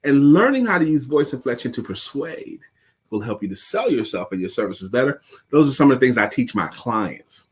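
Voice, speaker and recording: A man co-hosting a casual livestream talk show. He works as a coach and explains his points in a measured, teacher-like way. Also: medium pitch, very animated, slightly rough. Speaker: co-host and coach.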